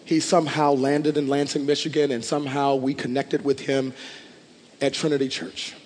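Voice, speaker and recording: A man preaching a sermon as a pastor, impassioned and building to loud declarations. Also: medium pitch, level tone, moderate pace, a little hiss or hum. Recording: long hall reverb.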